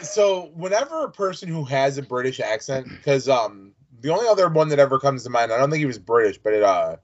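A man co-hosting a podcast, talking in a rambling, easygoing way. His voice is mid-pitched and ordinary. The recording sounds a little dull. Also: big pitch swings, fairly quick. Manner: rambling, chatty, trails off and restarts. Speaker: podcast co-host. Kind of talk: casual chat recapping a TV show.

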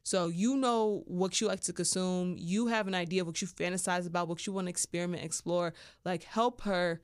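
A woman's voice: lowish voice, steady tone, a little fast, smooth, no room sound, studio quality. A woman hosting her own podcast, talking frankly and casually, with lots of fillers. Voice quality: chatty, blunt, full of fillers. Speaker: podcast host.

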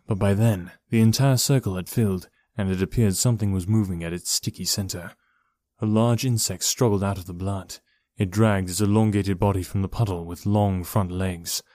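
A man giving a steady, measured reading of a horror story as narrator. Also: fairly low pitch, dry recording, studio quality. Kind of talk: scripted horror audiobook narration.

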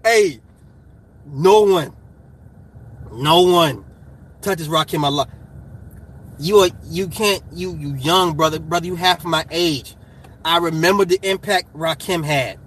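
A middle-aged man in casual chat, animated and profane, getting hyped and laughing as he argues his point. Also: fairly high pitch, a little slow, pauses often.

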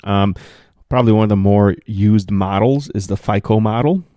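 A man's voice: fairly low pitch, moderate pace, dry recording, studio quality. A man hosting a solo podcast from a spare room at home, talking loosely with lots of fillers and getting worked up as he goes. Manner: animated, gets worked up, many fillers. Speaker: podcast host.

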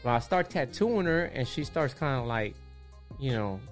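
A relaxed man who tattoos for a living, telling a story at an easy pace. His voice sits at a middle pitch and he swears freely. A faint bit of music plays under his voice. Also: moderate pace. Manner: laid-back, profane, keeps saying "you know what I'm saying". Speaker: tattoo artist guest. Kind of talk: casual storytelling.

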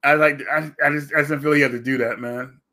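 A man hosting a podcast, casually retelling a series and acting out the characters in animated raised voices. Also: fairly high pitch, fairly quick. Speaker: podcast host. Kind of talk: casual review chat.

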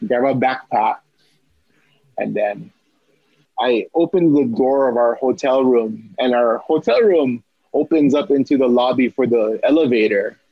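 A young man with a husky, slightly breathy voice tells a story about himself, jumping up into frantic acted-out lines and stumbling over repeated words. The sound is dry and a little dull, close to the mic with no room around it. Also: mid-range voice, measured pace, no room sound. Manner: acts out his own panicked quotes, stammering repeats. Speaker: athletic trainer guest. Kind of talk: animated storytelling.

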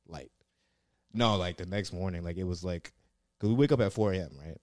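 A man's voice: sits low, a little fast, a little mellow, no echo, studio quality. A man telling rambling, profanity-laced stories in casual chat, full of fillers. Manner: laid-back, swears a lot, lots of fillers. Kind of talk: casual storytelling.

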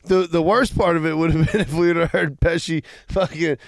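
A man's voice: a little high, steady tone, fairly quick, vocal fry, dry recording. A man chiming into a podcast chat with profane, joking remarks. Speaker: podcast co-host. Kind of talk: casual chat.

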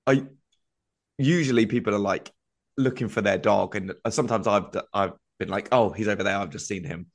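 A man's voice: lowish voice, brisk, gravelly. A man co-hosting a comedy podcast, telling a meandering anecdote in casual chat, full of fillers.

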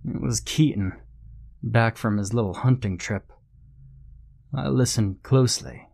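A man narrating a horror story in a measured, suspenseful way. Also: medium pitch, gravelly, darkish tone.

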